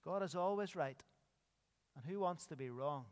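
A man's voice: fairly high pitch, normal speed, darkish tone, long reverb tail. A man preaching an earnest sermon as pastor, his voice rising and dropping with emphasis. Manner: earnest preaching with sweeping rises and drops.

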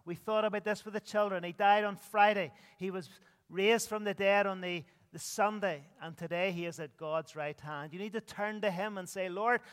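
A man's voice: high voice, steady tone, normal speed, few pauses, smooth, in a large hall. A man preaching an earnest sermon as pastor, his voice rising and dropping with emphasis. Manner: earnest preaching with sweeping rises and drops.

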